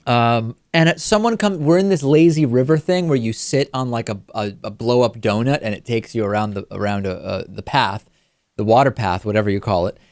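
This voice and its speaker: A man's voice: medium pitch, a little fast, darkish tone, dry recording, clean studio sound. A man hosting a talk show, telling a casual anecdote with frequent restarts. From Massachusetts. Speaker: host.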